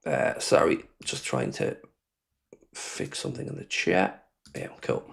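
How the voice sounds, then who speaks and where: A man's voice: deep voice, wildly swooping pitch, unhurried, creaky, a bit bright. An Irishman hosting a live football fan reaction stream, ranting angrily, swearing and reading viewer comments aloud. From Ireland. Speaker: fan channel host.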